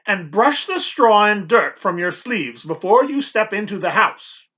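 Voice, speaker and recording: A man's voice: high-pitched, animated, a little slow, pushed and bright, pitched above the performer's own voice, heavily acted. A man voicing a stern, proper housekeeper woman in an audiobook, clipped and commanding. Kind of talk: audiobook character voice.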